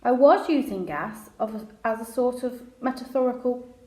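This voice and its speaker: A woman's voice: a little high, normal speed, mellow, close to an everyday voice. A woman voicing an eager know-it-all boy inventor in a storybook read aloud, who explains everything. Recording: roomy echo.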